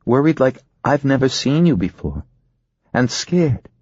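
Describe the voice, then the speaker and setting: A man's voice: mid-range voice, sing-song, unhurried, a little mellow, slightly rough, no room sound, lo-fi sound, pitched above the performer's own voice. A man voicing a forthright middle-aged wife from Iowa, earnest and pleading, in an audiobook. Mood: earnest, worried.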